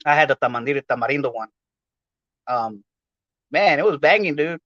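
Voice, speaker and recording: A man's voice: fairly high pitch, animated, brisk, a bit bright, no room sound. A man from Los Angeles hosting his podcast in a casual, rambling, slangy chat full of fillers. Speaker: podcast host. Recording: dull lo-fi dry sound.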